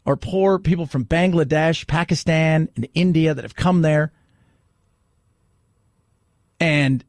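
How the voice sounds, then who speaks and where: A man's voice: a little high, slow, dry recording, studio quality. A man hosting a talk radio show, delivering an opinionated monologue with sarcastic, mocking asides.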